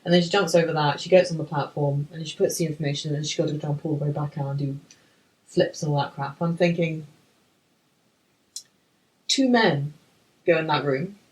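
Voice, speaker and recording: A woman, co-hosting a film podcast in casual chat, ranting in an animated, sweary, exasperated way. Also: low voice, fairly quick, pauses often, rough recording. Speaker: podcast co-host.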